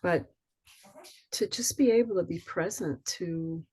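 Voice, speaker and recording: Soothing, husky older woman storyteller. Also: fairly low pitch, measured pace. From Southern US. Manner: soothing, reflective, lively when quoting others. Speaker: poet, interview guest. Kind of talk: reflective storytelling interview.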